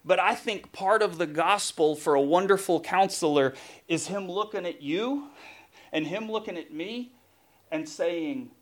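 Emphatic male preacher, higher voice. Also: a little slow. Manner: emphatic, building long lists. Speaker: pastor. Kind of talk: sermon.

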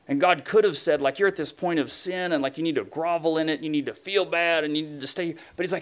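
A man preaches a sermon in a relaxed, conversational way, padding his sentences with "like" and "you know". His voice sits a little high for a man. He grows animated and emphatic when he voices God's words of encouragement. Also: quick pace, few pauses. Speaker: pastor.

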